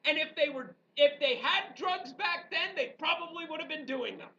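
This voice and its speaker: A woman history teacher giving an animated, joking classroom lecture full of rhetorical questions to her students. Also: high-pitched, moderate pace, few pauses. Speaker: high school history teacher. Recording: dull, distant classroom recording with faint background noise.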